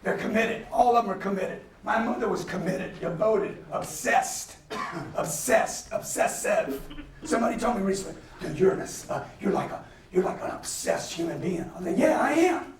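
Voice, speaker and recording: A man's voice: sits high, moderate pace, slight background noise. A man giving a motivational business lecture to an audience, emphatic and punchy, with laughter from the crowd. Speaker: guest speaker. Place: lecture hall. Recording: roomy hall, mic at a distance, faint ambience.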